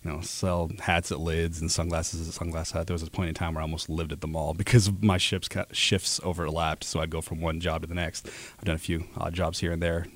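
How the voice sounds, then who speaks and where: A man in his thirties from Alaska, who works in ad sales, speaks earnestly about his job as a guest on a radio show. His deep voice stays fairly flat in pitch and moves a little fast, full of fillers and restarts in a casual interview style.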